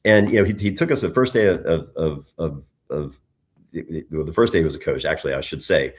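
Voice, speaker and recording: A middle-aged political candidate with a bass voice speaks fairly quickly in a conversational interview. He tells stories animatedly, with lots of restarts and repeated words.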